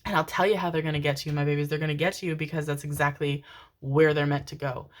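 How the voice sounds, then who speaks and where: A low-pitched woman gives a casual tarot reading and calls her listeners "my darlings." She swears freely, repeats herself for emphasis and laughs often as she talks. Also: level tone, fast talker. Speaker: tarot reader. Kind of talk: pick-a-card tarot reading.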